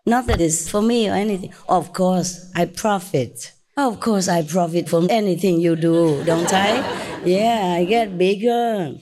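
A woman's voice: lowish voice, a little slow, darkish tone. A woman from Vietnam with a Vietnamese accent, a spiritual teacher giving an informal talk to her disciples in a chatty, teasing way, with many tag questions.

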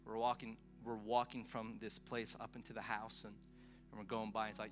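A man preaching a storytelling sermon to a live congregation, animated and excitable, with chatty asides. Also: on the low side, moderate pace, music in the background. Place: live event before a congregation.

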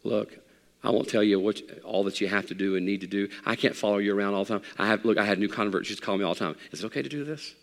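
A middle-aged man preaching a sermon as pastor, animated and rising to near shouts. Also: fairly low pitch, quick pace, big-room sound. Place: church sanctuary.

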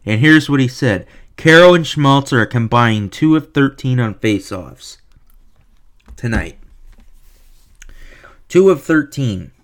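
A man ranting about hockey in a fired-up, foul-mouthed way. He drops to low grumbles, then jumps into loud, sarcastic shouting. His voice sits at an ordinary middle pitch. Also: animated, slow pace, pauses often. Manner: profane, heated, sarcastic ranting; swings between low mutters and loud outbursts. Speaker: hockey video reviewer. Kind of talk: ranting commentary.

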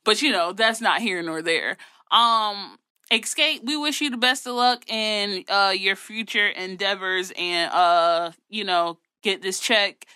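A woman's voice: mid-range voice, slow, sharp tone, smooth, no echo. A woman co-hosting a casual gossip chat, sassy, blunt and profane. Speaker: podcast co-host.

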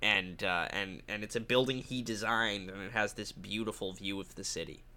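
A man with a lowish, bright and forceful voice chats through a film recap on a podcast. He tells it in animated bursts, swears casually and laughs often. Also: normal speed. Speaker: podcast co-host. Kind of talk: casual movie discussion.

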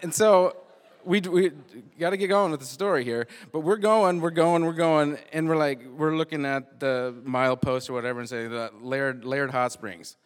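A man telling a personal road-trip story live, animated and often repeating or restarting his words. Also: a little high, moderate pace, smooth. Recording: long hall reverb.

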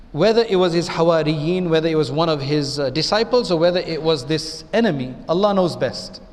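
This is a man lecturing on Islam as an imam, his voice high in pitch. His style is conversational, punctuated by frequent rhetorical questions aimed at the listeners. The big hall gives everything a long echo.

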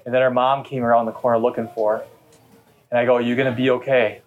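A man's voice: mid-range voice, flat delivery, fast, narrow, tinny audio. A middle-aged man, a pastor, preaching a sermon in a chatty, storytelling way during a church service. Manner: conversational storytelling preacher, talkative.

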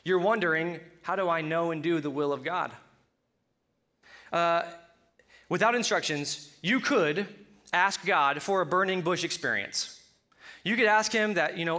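Male pastor from Colorado, high and bright voice, casual joking sermon delivery. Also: normal speed. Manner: joking, conversational preaching with asides.

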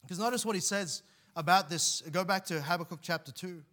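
Male pastor, sermon delivery, earnest with frequent restarts; bright, slightly high voice. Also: brisk. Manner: earnest, repeats words and restarts, reads scripture aloud.

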